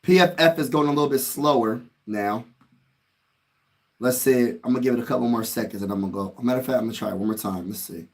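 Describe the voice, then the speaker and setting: A man hosting a casual live stream, reacting excitably and talking straight to his chat in slangy speech, moving from low muttering to loud shouts. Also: fast talker. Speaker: livestream host.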